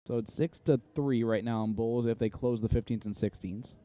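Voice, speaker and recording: A man's voice: mid-range voice, steady tone, normal speed, warm tone. A man from Indiana with an Indiana accent giving casual, analytical play-by-play commentary on a live darts match.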